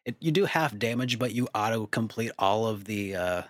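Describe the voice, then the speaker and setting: A man co-hosts a casual podcast chat, rambling and hedging as he thinks out loud. His voice is lowish and fairly bright, with lively intonation at a normal speed. The sound is clean studio quality with no echo.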